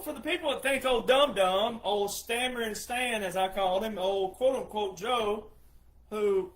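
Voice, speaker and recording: A man hosts his own opinion show, scornful and mocking as he talks. His voice sits high for a man and moves between muttered asides and loud outbursts. The room around him is echoey. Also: unhurried. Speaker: political commentator host. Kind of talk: opinionated casual monologue.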